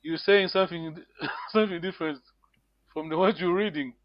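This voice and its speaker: A man's voice: high-pitched, moderate pace, no echo, dull audio. A man teaching an online language lesson, patiently repeating phrases for his students to copy.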